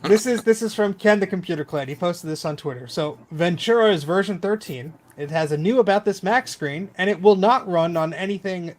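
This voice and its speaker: A man's voice: sits high, fairly quick, hardly any pauses. A man hosting a casual tech podcast, chatty and loose, joking and filling his talk with ums and restarts.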